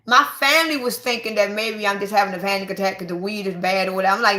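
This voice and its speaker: A woman, giving an excited, emphatic spiritual monologue to her viewers and repeating herself for stress. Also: mid-range voice, fast, few pauses. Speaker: spiritual vlogger. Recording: echoey room.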